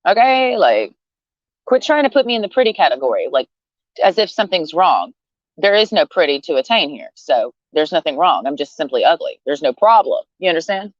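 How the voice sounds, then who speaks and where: A woman with a low voice venting in a blunt, rambling, profanity-laced rant. The sound is dry and a little dull. It is a slightly lo-fi recording. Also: sing-song, a little fast, dry recording. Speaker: vlogger. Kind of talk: casual rant to camera.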